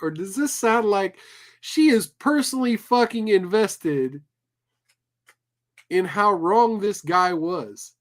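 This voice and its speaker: A man's voice: high-pitched, lively intonation, takes it slowly, a bit bright. A man hosting a livestream, reacting to a clip with profane, sarcastic commentary. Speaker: livestream host. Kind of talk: casual commentary on clips.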